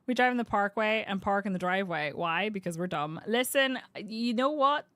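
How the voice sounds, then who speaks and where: A woman from Northern Ireland with a Northern Irish accent, a game streamer chatting casually with her chat, self-mocking and quick to laugh. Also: mid-range voice, lively intonation, a bit bright, a little hiss or hum. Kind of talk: casual live-stream chat while playing.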